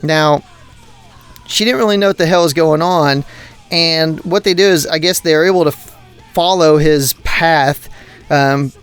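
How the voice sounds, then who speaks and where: A man's voice: on the high side, unhurried, long pauses, clear, resonant tone. A man hosting a podcast, telling stories in a rambling, profane and exasperated way. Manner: rambling, swears constantly, exasperated rants. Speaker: podcast host. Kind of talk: profane casual storytelling.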